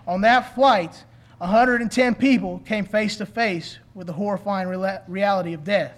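A man's voice: high voice, fairly even intonation, moderate pace. A man preaching a sermon in an earnest, pleading way, asking his listeners questions.

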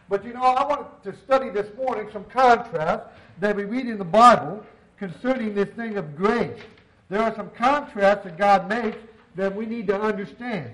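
Guy preaching a sermon, pretty high voice, earnest and emphatic, hammers points by repeating. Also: rough recording.

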